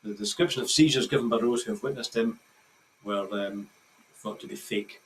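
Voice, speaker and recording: A man's voice: on the low side, moderate pace. A man with a Scottish accent presenting a news bulletin, reading steadily with occasional stumbles and restarts. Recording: slightly distant mic with faint background noise.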